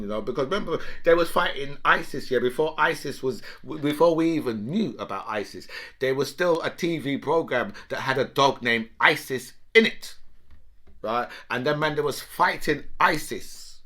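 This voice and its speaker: Heated man with a bright, sharp voice. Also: fairly high pitch, lively intonation, moderate pace. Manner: heated, emphatic, swearing, tag questions like "right?". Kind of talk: political commentary rant.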